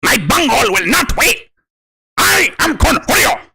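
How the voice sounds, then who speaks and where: A man voicing a frantic cartoon teenage alter ego who rants and makes demands in a shrill voice. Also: big pitch swings, moderate pace, creaky, full character voice. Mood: ranting. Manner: shouted, wild high-pitched ranting.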